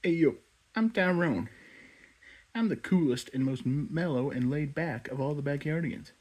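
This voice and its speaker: A man voicing a laid-back male moose toy who brags in a mellow drawl. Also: a little high, expressive, normal speed. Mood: boastful.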